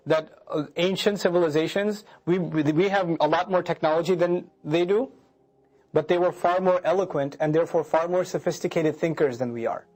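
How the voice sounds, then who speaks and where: A middle-aged man giving a lecture that explains scripture, animated, acting out emotions and reciting Arabic verses. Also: fairly high pitch. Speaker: Quran lecturer.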